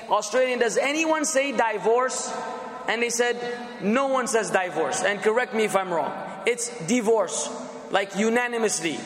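Male lecturer, high voice, emphatic and drawn-out on key words, recorded in a reverberant classroom. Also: fairly bright tone. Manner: emphatic, drawn-out word contrasts, bursts of fervor. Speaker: teacher. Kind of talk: classroom lecture on English for preaching. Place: lecture room. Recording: echoey room with long reverb.

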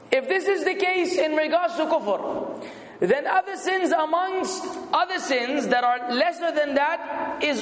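High-voiced man teaching in an echoey hall. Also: fairly bright tone. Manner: quizzes students and jokes with them. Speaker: Islamic religious teacher. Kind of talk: religious lesson with Arabic recitation.

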